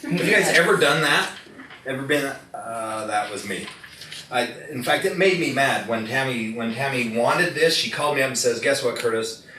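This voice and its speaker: A man's voice: mid-range voice, expressive, moderate pace, pushed and bright. A man giving a live product demonstration to an audience, telling stories and quizzing the crowd. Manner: folksy storyteller who quizzes the crowd. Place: indoor room with audience. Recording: echoey room, distant mic, faint noise.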